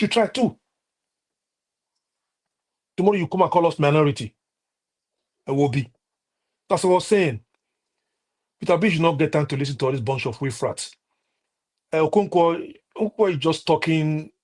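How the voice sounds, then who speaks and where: A man with a Nigerian accent giving heated political commentary on a live stream, scolding and halting with many restarts. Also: on the high side, darkish tone, breathy edge.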